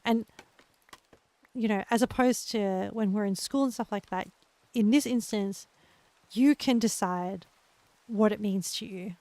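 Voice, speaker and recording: A young woman with an Australian accent, chatting gently and encouragingly with her live viewers as a streamer, laughing often. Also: mid-range voice, unhurried, pauses often, no room sound. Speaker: livestreamer. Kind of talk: casual chat with live viewers.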